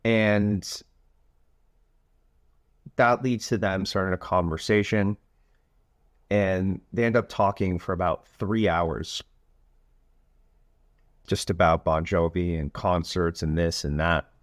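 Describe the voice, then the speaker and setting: A man who hosts a coaching podcast, telling a story in a relaxed way with frequent filler phrases. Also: low-pitched, slow, pauses often, no echo, clean studio sound. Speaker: youth soccer coach and podcast host.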